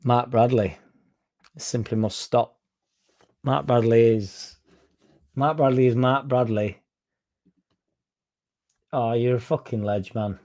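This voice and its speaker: A man chats on a football fan livestream, reading out viewer comments and answering them. His voice is gravelly with a dark, mellow tone. He rambles, swears freely and keeps things loose and casual. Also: mid-range voice, takes it slowly, pauses often. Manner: swears freely, rambles, mocks critics in a raised put-on voice. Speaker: fan channel host reading live chat.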